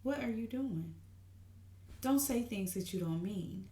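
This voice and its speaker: A woman's voice: mid-range voice, lively intonation, measured pace, dark tone, slight background noise, natural voice. A woman voicing an upset young woman who scolds her suitor and repeats herself in exasperation, in a roomy-sounding recording. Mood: exasperated. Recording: roomy echo.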